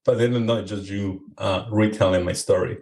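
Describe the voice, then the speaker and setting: A man's voice: lowish voice, fairly even intonation, moderate pace, vocal fry, a little mellow, poor audio. A man co-hosting a casual chat, telling stories in an easygoing way. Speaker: podcast co-host.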